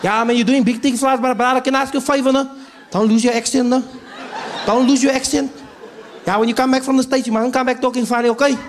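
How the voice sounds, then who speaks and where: A man's voice: very high-pitched, steady tone, fast, voice pushed up. A man doing a pushy, chummy hometown fan. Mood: pleading. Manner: loud, coaxing, chummy.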